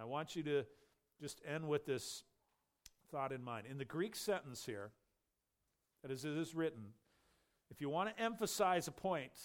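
Emphatic male preacher. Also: on the high side. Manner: emphatic, rising and dropping for stress. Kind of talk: sermon.

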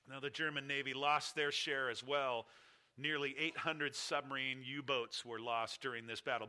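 Middle-aged guy preaching, tells it like a story, repeats for punch, bright sharp voice. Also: mid-range voice. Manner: storytelling, emphatic repeated phrases. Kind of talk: sermon illustration.

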